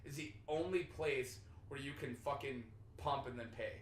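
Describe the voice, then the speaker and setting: A young man from North Dakota hosting a podcast, telling animated stories in casual chat, swearing freely and acting out what people said. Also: mid-range voice, moderate pace, a little hiss or hum. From North Dakota, USA. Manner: animated storyteller, swears freely, acts out quotes. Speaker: podcast host. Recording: echoey room with faint ambience.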